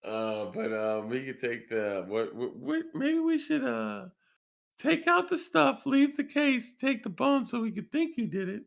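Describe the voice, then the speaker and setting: A man's voice: high voice, big pitch swings, a little slow, vocal fry. A man playing a tabletop game, talking in a drawling, playful way. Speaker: player. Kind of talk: casual tabletop play.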